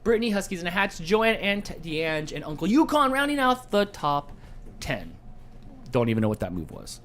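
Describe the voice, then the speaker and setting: A man's voice: high voice, sing-song, normal speed, a bit bright. A man hosting a casual live-streamed trivia game show from home, playful and jokey, easily sidetracked.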